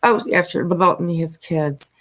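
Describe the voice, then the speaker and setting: A woman hosting a livestream, reading news aloud and commenting in a halting way with frequent ums and uhs. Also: lowish voice, steady tone. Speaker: livestream host.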